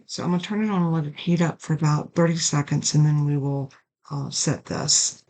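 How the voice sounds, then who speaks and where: A woman's voice: deep voice, steady tone, a little fast, darkish tone, low-quality recording. A middle-aged woman with a cough, chatting casually as she demonstrates card making step by step. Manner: chatty, apologetic about coughing. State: coughing and sneezing. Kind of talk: casual craft tutorial.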